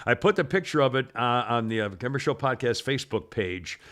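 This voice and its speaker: A man hosting a podcast, chatting about the news in a rambling, halting way with frequent laughs. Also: mid-range voice, big pitch swings, a bit bright. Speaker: podcast host. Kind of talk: casual political chat.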